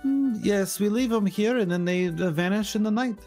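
A game master plays an eccentric man who loves art, speaking in a shaky put-on French accent that keeps slipping further east. He rambles philosophically, stalling on ums and restarts, over soft background music. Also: mid-range voice, moderate pace, pitched above the performer's own voice, lightly acted. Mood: musing. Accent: put-on French slipping Eastern European. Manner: hesitant, rambling, full of ums. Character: odd male art lover, fake French accent. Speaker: passerby in a fantasy town. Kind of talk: improvised tabletop role-play.

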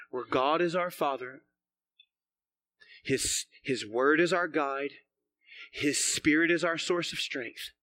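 Fervent, high, bright-voiced preacher man. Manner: builds to loud, fervent shouting; drops to soft, low emphasis on key phrases. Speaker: senior pastor. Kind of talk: sermon. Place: church sanctuary.

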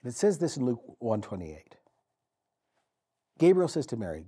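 A man preaching a sermon as pastor, telling the story vividly with dramatic pauses and repetition. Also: medium pitch, big pitch swings, dark tone, slightly rough.

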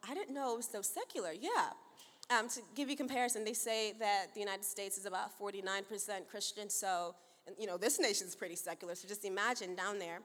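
A woman pastor in her thirties, playful and chatty, begins her sermon with announcements and stories, laughing frequently and voicing the dialogue herself. Her mid-range voice is fairly quick and a bit bright. The recording carries the long reverb of a large church auditorium.

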